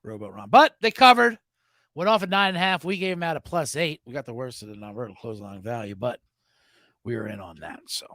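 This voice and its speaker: Sarcastic ranting man, bright animated voice. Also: mid-range voice, a little fast, no room sound, studio quality. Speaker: sports betting podcast host. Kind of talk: sarcastic sports betting rant.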